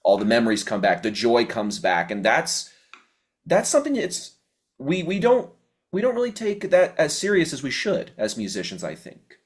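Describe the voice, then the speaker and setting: A man's voice: medium pitch, wildly swooping pitch, normal speed. A man hosting a music business interview, talking in a casual, agreeable way. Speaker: podcast host.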